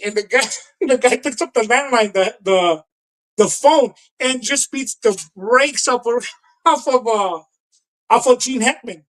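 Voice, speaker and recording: Lively and quick to laugh, this co-host casually chats on a podcast, replaying film scenes and acting out lots of the lines. The recording is low quality, with a mid-range voice at moderate speed.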